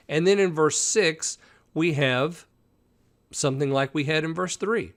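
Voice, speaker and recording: A man's voice: fairly high pitch, unhurried. Man teaching a daily Bible study. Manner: animated, explains the text conversationally.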